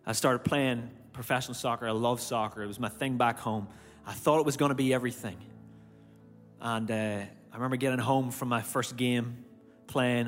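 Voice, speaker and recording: A man with an Irish accent preaching a sermon, animatedly telling a personal story and acting out his own reactions. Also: medium pitch. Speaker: church speaker. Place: church auditorium. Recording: long hall reverb, faint music behind. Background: faint music.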